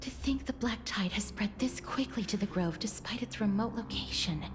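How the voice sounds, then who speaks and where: An actress voicing a solemn woman in a video game, speaking quietly and gravely. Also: mid-range voice, moderate pace, lightly acted. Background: game music.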